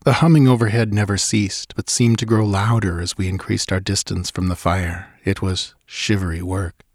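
Husky low-voiced male storyteller. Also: fairly even intonation, moderate pace, no echo, studio quality. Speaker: audiobook narrator. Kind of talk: scripted narration of a ghost story.

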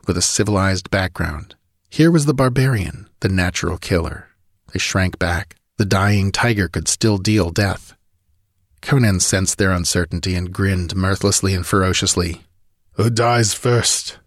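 A man's voice: low voice, dry recording, studio quality. A man narrating a sword-and-sorcery audiobook with vivid, driving storytelling.

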